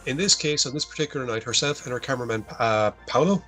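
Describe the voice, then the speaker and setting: A man's voice: mid-range voice, fast, sharp tone, soft background music. A man co-hosting a podcast, rambling and swearing as he recaps a horror film. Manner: rambling, profane, self-correcting. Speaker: podcast co-host. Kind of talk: casual chat, recapping a film.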